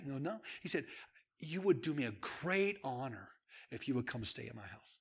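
Bright-voiced preacher swinging hushed to loud. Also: male voice, medium pitch, sing-song, a little fast, vocal fry, slightly rough. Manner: storytelling, swings from hushed to shouting. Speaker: pastor. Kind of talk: sermon.

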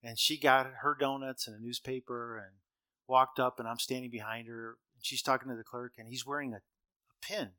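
Speaking briskly from the stage in a steady, mid-range voice, a middle-aged man gives a humorous storytelling talk that's bright and forceful but easygoing. He voices the people he quotes and chuckles at his jokes. The sound is dry and close, without echo.

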